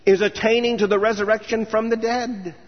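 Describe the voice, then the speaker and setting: A man's voice: high-pitched, level tone, a little fast. A man preaching an earnest commencement sermon, telling stories and building to emphatic lists. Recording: dull sound with long hall reverb.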